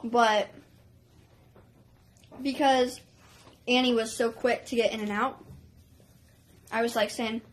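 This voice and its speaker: Female vlogger with a high-ish voice, excitable storytelling full of fillers. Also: slow pace, long pauses. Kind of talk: storytime vlog.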